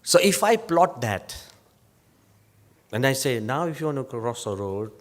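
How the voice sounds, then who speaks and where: An older man delivers a motivational sermon in a mid-pitched voice, moving easily between wry jokes and earnest advice. His voice rings with the long reverb of a large hall. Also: a little slow. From England. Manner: lively storyteller with wry humor. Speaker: monk giving a motivational talk. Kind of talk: motivational sermon with humorous stories.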